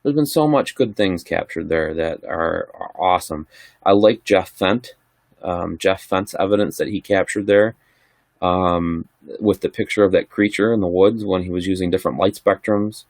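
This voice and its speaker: A man's voice: low voice, normal speed, no echo, studio quality. A middle-aged man casually chatting on a livestream, answering viewer questions in a rambling, laid-back way. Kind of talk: casual live chat.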